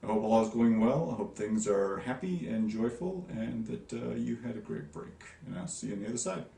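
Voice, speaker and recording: A man teaching a recorded lesson to his class, lively and demonstrative, sounding out stresses. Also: on the low side, moderate pace, gravelly, echoey room, far from the mic. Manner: lively, demonstrative, sing-song stress demos.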